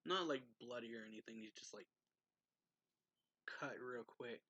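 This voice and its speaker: A man casually reviewing a manga chapter, rambling with many fillers and clearing his throat often. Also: mid-range voice, slow pace, pushed and bright.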